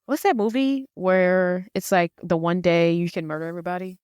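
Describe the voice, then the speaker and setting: A woman co-hosting a podcast, recapping a movie in casual chat, animated and swearing as she acts out the characters. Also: on the low side, moderate pace, clean tone, no echo, clean studio sound. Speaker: podcast co-host.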